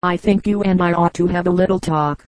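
A kindly man cyclist, read by a woman in a lowish, even voice. He asks his questions in a brisk, friendly way. The sound is dry and close. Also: dry recording, close to an everyday voice. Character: kindly adult male cyclist, an artist.

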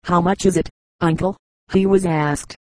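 A woman reading short humorous anecdotes for an audiobook in a measured way, lightly marking the quoted speakers. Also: on the low side, steady tone, a little mellow, no echo, low-quality recording. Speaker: audiobook reader.

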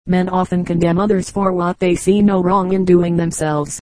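A narrator reading fables aloud in an even, measured storytelling manner. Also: mid-range voice, no echo, low-quality recording. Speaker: audiobook narrator.

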